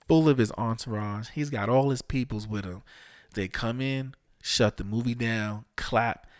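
A man's voice: lowish voice, dry recording, studio quality. A man hosting a casual movie commentary in a laid-back, rambling way, with chuckles along the way. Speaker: podcast host.

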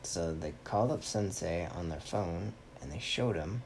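A man telling an improvised story to a child in a playful, animated way, making it up as he goes. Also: low voice, normal speed, creaky, a little hiss or hum.

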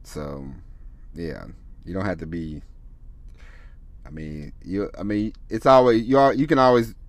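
A man's voice: deep voice, fairly even intonation, unhurried. A man hosting a solo podcast, talking in a loose, rambling way with many restarts and frequent swearing. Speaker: podcast host. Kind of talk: casual solo podcast talk.

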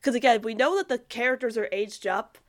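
A woman's voice: fairly high pitch, a little fast. A young woman chatting casually as a host, rambling with lots of fillers and restarts while reading viewer comments. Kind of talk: casual fan chat.

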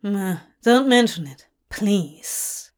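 A woman voicing a gruff, protective male demon who growls and swears in slow, spat-out words. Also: medium pitch, expressive. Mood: defensive.

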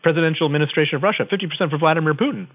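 Over a tinny phone line from his office, a man with a fairly high voice tells his story as an interview guest. His delivery is rapid-fire, vivid and dramatic, like conversational storytelling.

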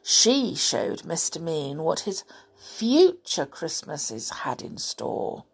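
A woman reading a children's picture book aloud in an animated, playful, expressive way. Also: low-pitched, takes it slowly, vocal fry, breathy edge. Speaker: storyteller.

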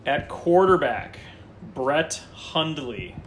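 A man's voice: fairly high pitch, slight background noise. Jokey man rattling off a roster. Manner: lively, lists players in quick runs, jokey. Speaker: fantasy football podcast host. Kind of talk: casual chat.

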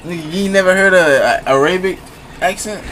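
A man's voice: high-pitched, brisk, a bit bright, a little hiss or hum. A man co-hosting a casual podcast, teasing and arguing in profane banter. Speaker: podcast co-host. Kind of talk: casual chat.

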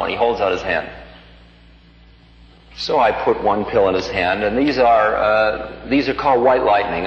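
A man giving a spiritual talk, telling a personal story in an unhurried, reflective way and livening up the quoted lines. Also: lowish voice. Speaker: spiritual teacher. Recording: dull lo-fi recording in a reverberant hall.

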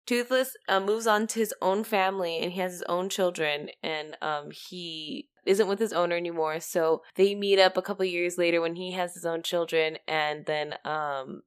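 A young woman co-hosting a casual chat, animated and rambling, often laughing and turning teary. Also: on the low side, moderate pace, hardly any pauses, clean tone.

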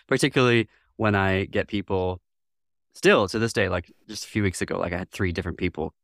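Speaking a little fast in a low, slightly bright voice, a man from Northwest Lower Michigan, US, appears as a guest in a reflective interview. He's thoughtful, quick to laugh, and acts out quoted voices, and the studio recording has no room sound.

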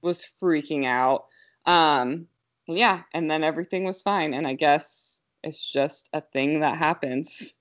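Young woman, slightly low voice, brisk animated storyteller, filler-heavy casual chat. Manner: quick, animated, lots of fillers.

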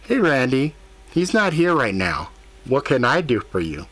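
A man's voice: medium pitch, sing-song, unhurried, a bit bright. A man voicing a friendly, easygoing young woman with a lightly raised voice.

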